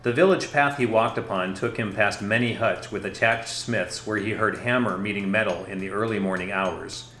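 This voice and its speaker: A man narrating a fantasy story in a steady, measured reading. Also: on the low side, slight background noise. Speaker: audiobook narrator. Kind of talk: scripted narration. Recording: echoey room.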